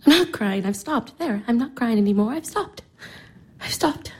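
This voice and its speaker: A woman's voice: fairly high pitch, animated, brisk, mellow, husky, poor audio. A woman in her twenties playing a despairing young woman who is weary of her work, speaking with anguish and slipping into whispers. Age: 20s. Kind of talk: stage drama acting.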